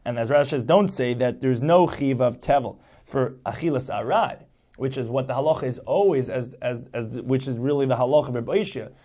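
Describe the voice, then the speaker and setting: A man's voice: medium pitch, fairly quick, warm tone. A man teaching a text as a lecture, explaining step by step and rephrasing each point. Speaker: Talmud teacher.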